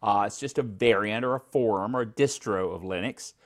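A man's voice: on the low side, normal speed. A middle-aged man hosting a casual tech podcast from his living room, jokey and rambling, tripping over words and laughing at himself.

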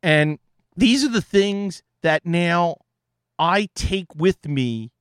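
A man's voice: high voice, lively intonation, takes it slowly, a bit bright, clear, resonant tone, no room sound, clean studio sound. A man, an IT consultant, telling an exasperated story in a casual monologue.

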